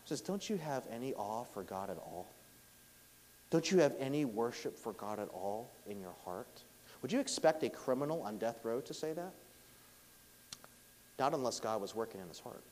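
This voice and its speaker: A man preaching a sermon, with emphatic swings between loud stressed phrases and hushed, quiet lines. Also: mid-range voice, expressive, moderate pace, pauses often, slight background noise. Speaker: pastor. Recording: long hall reverb.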